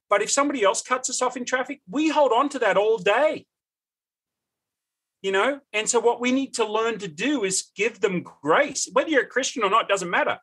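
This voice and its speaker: A man in his fifties with an Australian accent, a podcast guest telling lively, earnest stories in casual conversation. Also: high-pitched, slightly rough. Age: 50s. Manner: lively, earnest, folksy anecdotes. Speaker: guest, business owner.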